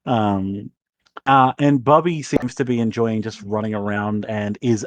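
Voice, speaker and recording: A man's voice: lowish voice, fairly even intonation, unhurried, dry recording. A man narrating as game master in a loose, rambling way, swearing casually.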